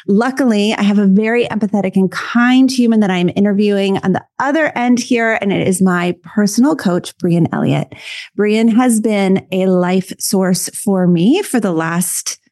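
Woman, podcast host, enthusiastic, mid-pitched voice, dry close recording. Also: moderate pace, darkish tone, no echo. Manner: enthusiastic, gushing. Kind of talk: casual podcast interview.

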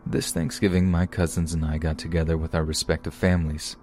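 A man calmly reading true scary stories aloud as a podcast narrator. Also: deep voice, a little fast, faint music behind. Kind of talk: scripted horror story narration.

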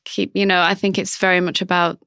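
Middle-aged woman, low gravelly voice, casual chatty guest, dry close sound. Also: flat delivery, brisk, pushed and bright, dry recording. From Britain. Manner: chatty, self-deprecating, laughs often. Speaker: guest, makeup brand co-founder. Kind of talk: casual interview chat.

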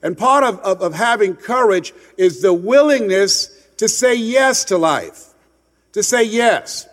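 A man telling a motivational story with passion, swinging between loud emphatic lines and hushed ones. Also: sits high, lively intonation, unhurried, in a large hall. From United States. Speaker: motivational speaker.

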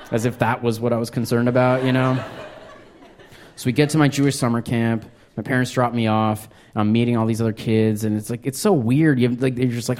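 A man's voice: mid-range voice, normal speed, darkish tone. A man doing a stand-up comedy set on a club stage, telling a rambling, self-mocking story with lots of filler words, audience laughter behind him.

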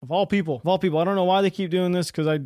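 Fast-talking, heated male podcast host. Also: sits high, fairly even intonation, darkish tone, dry recording, studio quality. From United States. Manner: blunt, heated, profane, rambling with restarts. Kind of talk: solo political commentary podcast.

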